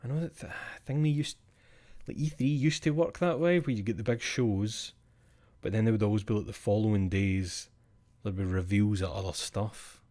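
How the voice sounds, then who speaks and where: Give me a male streamer in casual late-night chat, rambling and swearing, slightly low voice. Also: moderate pace, warm tone. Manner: rambling, sweary, self-mocking. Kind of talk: casual chat after a live show.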